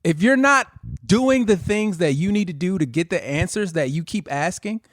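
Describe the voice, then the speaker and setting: A man's voice: high voice, expressive, normal speed, a bit bright, dry recording, studio quality. A man co-hosting a podcast who rants heatedly in casual chat. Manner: heated, ranting. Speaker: podcast co-host.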